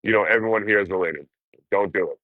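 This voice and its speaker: A worried buddy, as a man puts him on, pleading in a low, hushed voice. The delivery is fairly low-pitched and dry, close to the storyteller's own voice. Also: fast, dry recording, phone-quality sound, lightly acted. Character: worried male buddy urging calm, pleading.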